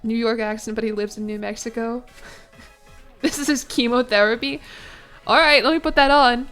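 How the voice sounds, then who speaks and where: A fairly high-voiced woman streaming a game and chatting easily with her viewers. She muses out loud and answers chat on the fly, with giggly asides. Soft game music sits faintly underneath. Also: fairly even intonation, normal speed.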